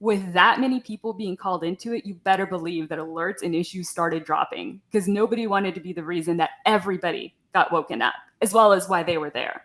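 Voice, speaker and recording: A woman's voice: lowish voice, fairly quick, few pauses, fairly bright tone. A woman speaking on a panel over a video call, direct and emphatic as she recounts an example. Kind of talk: panel discussion.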